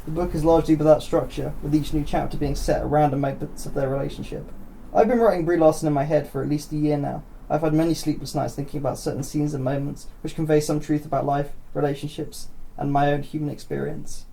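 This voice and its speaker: Podcast host, male, reads short writing, raised pitch, gravelly, mellow tone. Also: steady tone, fast talker, a little hiss or hum. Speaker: podcast host reading stories. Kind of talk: reading short pieces aloud on a podcast.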